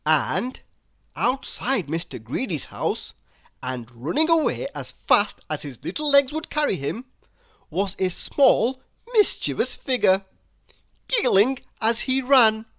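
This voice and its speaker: Animated woman reading a children's story. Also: medium pitch, no room sound. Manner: expressive, animated reading with slow pacing. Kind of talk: children's story read-aloud.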